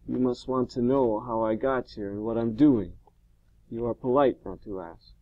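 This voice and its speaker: A weary, haunted scientist, gentle but full of grief, as a man reads him aloud. He speaks with earnest urgency in a mid-pitched voice. The recording is dry and a little muffled. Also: normal speed, dry recording, close to an everyday voice. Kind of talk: audiobook character reading.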